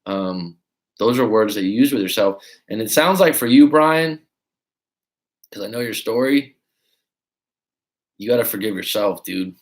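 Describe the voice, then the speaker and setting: Man, low voice, life coach, livestream, casual, swears, tells stories. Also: animated, a little slow, pauses often. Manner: casual, swearing, storytelling with acted quotes. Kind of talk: livestream advice talk.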